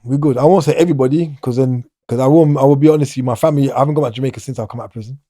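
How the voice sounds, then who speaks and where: Fast-talking man, rambling. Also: medium pitch, dark tone, dry recording, clean studio sound. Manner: fast, rambling, restarts sentences. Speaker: guest, former prisoner. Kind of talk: casual interview talk.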